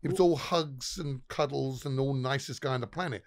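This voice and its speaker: A middle-aged man guesting on a podcast, telling stories with great energy. He swears constantly and acts out both sides of each argument. His voice sits at an ordinary middle pitch. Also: fairly quick. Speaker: guest, pub owner. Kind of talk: casual storytelling.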